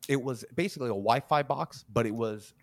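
A man's voice: medium pitch, a little fast, no echo. A man hosting a podcast, telling a story in casual chat, often laughing and acting out the people in it. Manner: animated, laughs often, acts out quoted people. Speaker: podcast host.

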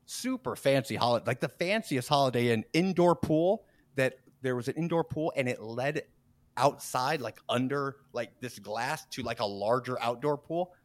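A podcast host relaxes into a rambling workplace story. He jumps between low mutters and high bursts of laughter, acting out the people he quotes. The mic is close and the room is dry. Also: moderate pace, no echo. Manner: animated, laughs often, acts out quoted people. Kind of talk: casual storytelling chat.

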